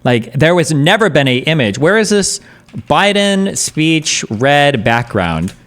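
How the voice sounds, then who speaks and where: A man's voice: a little high, big pitch swings, slow pace, a bit bright. A man streaming casual commentary as he reacts to a debate, blunt, profane and sarcastic.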